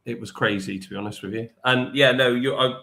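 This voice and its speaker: Gravelly bright-voiced storytelling man. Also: medium pitch, a little fast, rough recording. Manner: animated storyteller, laughs between lines. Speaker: podcast co-host. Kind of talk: casual storytelling chat. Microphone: remote livestream call.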